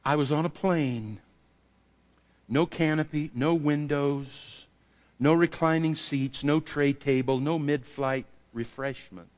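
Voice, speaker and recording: A man preaching a sermon, telling a personal story and acting out the dialogue with lively variation. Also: on the high side, slow. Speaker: pastor. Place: church sanctuary. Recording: long hall reverb.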